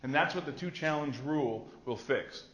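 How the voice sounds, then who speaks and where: A man's voice: a little high, moderate pace, a bit bright, muffled recording. Conversational man teaching a classroom lecture. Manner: conversational, storytelling with acted quotes. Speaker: nursing instructor.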